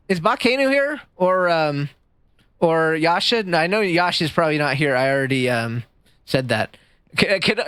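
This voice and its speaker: High, lively, goofy male streamer. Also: dry recording. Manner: animated, goofy, self-deprecating, chats with viewers. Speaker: livestreamer. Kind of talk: casual live-stream chat while gaming.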